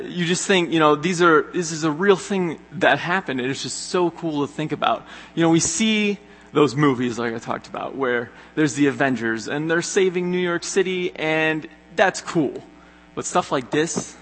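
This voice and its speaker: Young male youth pastor, earnest and chatty, bright voice, hall reverb. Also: a little high, normal speed. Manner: earnest, conversational, many fillers. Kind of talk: sermon. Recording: echoey hall with long reverb.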